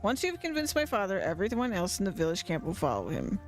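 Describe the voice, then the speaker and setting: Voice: mid-range voice, huge pitch swings, fast talker, faint music behind. A streamer reading a solemn young ghost woman. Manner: solemn, pleading storytelling.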